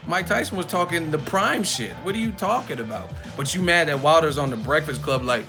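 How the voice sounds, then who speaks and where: A man hosting a live boxing chat, animated and profane, often breaking into laughter. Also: sits high, a little fast, hardly any pauses, over music. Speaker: boxing channel host. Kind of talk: live casual commentary.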